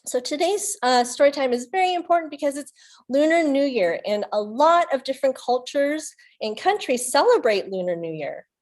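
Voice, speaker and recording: A woman's voice: sits high, big pitch swings, moderate pace, darkish tone. A young woman, a youth librarian, hosting a virtual children's story time in an upbeat manner, speaking to young kids over a computer mic.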